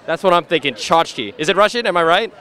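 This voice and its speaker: A man answers a street interviewer, puzzling through ideas out loud. His voice sits a little high for a man, and he talks in an unhurried, musing way. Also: animated. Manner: musing, thinking aloud. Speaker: passer-by interviewee.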